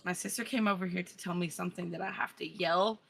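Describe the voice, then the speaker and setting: Bright-voiced, playful woman player. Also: lowish voice, fairly even intonation, fast, vocal fry, slightly rough. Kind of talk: casual chat in a tabletop game.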